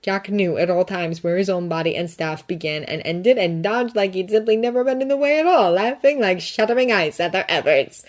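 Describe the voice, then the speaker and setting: A woman reading fan fiction aloud in steady, even audiobook narration. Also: medium pitch, a little fast, few pauses. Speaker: fanfiction narrator.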